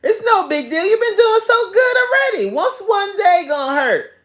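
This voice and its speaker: A woman's voice: very high voice, big pitch swings, normal speed, a bit bright, voice pushed up, full character voice. A woman voicing a female sugar devil on her shoulder, coaxing and sweet-talking her into breaking a diet.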